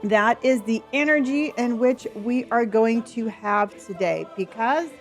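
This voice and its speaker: A woman's voice: fairly high pitch, measured pace, faint music behind. A woman streaming a video game from home, chatting casually and greeting viewers by name. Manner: bubbly, greets chat by name. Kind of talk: casual livestream chat.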